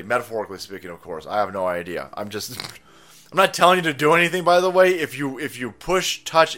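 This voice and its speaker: Profane male ranter, mocking, slightly higher voice, commentary host. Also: fairly bright tone. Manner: foul-mouthed, mocking, laughs at own jokes.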